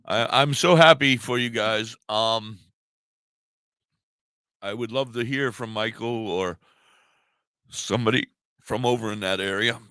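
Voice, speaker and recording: Brief: male radio co-host, blunt rambling talker, bright, crisp and dry. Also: mid-range voice, unhurried, pauses often, no echo. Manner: rambling, blunt, cheers and swears. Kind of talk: casual radio banter. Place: radio studio.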